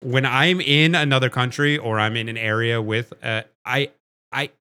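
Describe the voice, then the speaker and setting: A man talking casually as a podcast co-host, his voice bright and forceful. He rambles, restarts sentences and swears freely. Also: mid-range voice, steady tone, normal speed, clean tone. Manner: rambling, self-interrupting, swearing. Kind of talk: casual chat.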